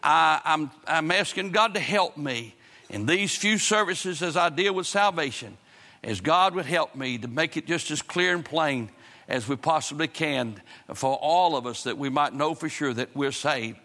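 A man's voice: fairly high pitch, expressive, normal speed, bright, forceful tone. A man preaching a sermon, moving from folksy storytelling to fervent preaching and prayer. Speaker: pastor.

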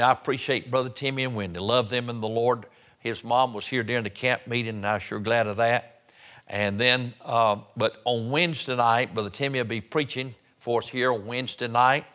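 Preacher man in church, middle pitch, slows way down to stress the scripture, folksy little restarts. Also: fairly even intonation, a bit bright. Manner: slow, emphatic reading of scripture with rising stress on key words. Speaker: pastor. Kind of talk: sermon. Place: church sanctuary.

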